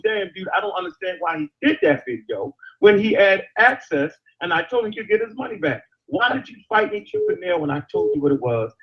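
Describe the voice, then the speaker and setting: A man's voice: high-pitched, dull audio. A man in a heated live-chat argument, defensive and insistent, pressing his points with curses.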